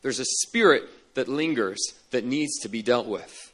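With lively intonation and a normal speaking speed, a pastor delivers a sermon built on earnest storytelling. He stresses his message by repeating key words, and his mid-range voice is a bit bright.

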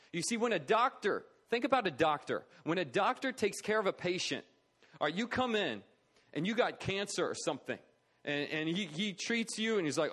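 A man's voice: on the high side, big pitch swings, moderate pace, fairly bright tone, husky. A man preaching a sermon in an earnest, conversational way, with fillers and restarts. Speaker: preacher for an orphan charity.

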